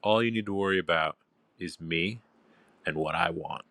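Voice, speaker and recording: This low-pitched man speaks at a moderate pace, a bit bright, on a dry recording. In a casual monologue in a park, he addresses his followers as an online dominant, first drawling and relaxed with fillers, then shifting to a commanding, domineering tone.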